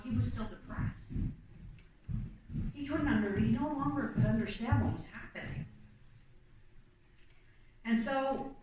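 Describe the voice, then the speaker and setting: A woman preaches informally, telling history as a story and slipping into the voices of the people she quotes. She sounds distant from the microphone, with the sound ringing hard off a big reverberant room. A faint hiss sits underneath. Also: mid-range voice. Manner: conversational, storytelling with plain acted-out quotes and fillers. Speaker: church speaker. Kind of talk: informal sermon retelling church history. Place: church. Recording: very echoey room, mic far off, faint noise.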